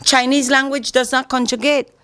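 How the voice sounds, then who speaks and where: A woman's voice: high voice, flat delivery, moderate pace, pushed and bright, clean tone, no echo. A woman with a Belizean Kriol accent, a guest educator explaining in a casual interview, teacherly and often checking that the listener follows. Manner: teacherly, checks understanding with "all right?".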